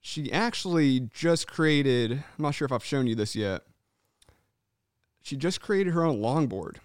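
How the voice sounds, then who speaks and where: A man co-hosting a casual podcast, animated and swearing freely, acting out people's voices when he tells stories. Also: mid-range voice, measured pace, smooth, dry recording, clean studio sound. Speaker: podcast co-host.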